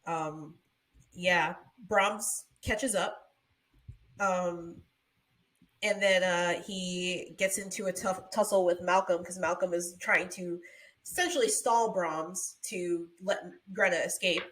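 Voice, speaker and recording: A woman's voice: fairly low pitch, slow. Female podcast co-host, conversational plot recap, playful. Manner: animated retelling with playful quoted voices. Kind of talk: casual movie recap chat.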